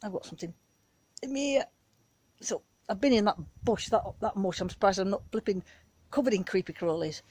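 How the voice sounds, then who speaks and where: A woman's voice: medium pitch, animated, brisk, a little mellow, no echo. Chatty British woman in her garden. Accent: British English. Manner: chatty, rambling, down-to-earth. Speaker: gardening vlogger. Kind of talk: casual chat. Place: outdoor back garden.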